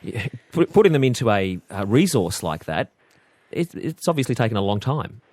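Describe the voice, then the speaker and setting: A man hosting a radio show, briskly interviewing a guest and introducing callers. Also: medium pitch, big pitch swings, darkish tone, no room sound. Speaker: radio host.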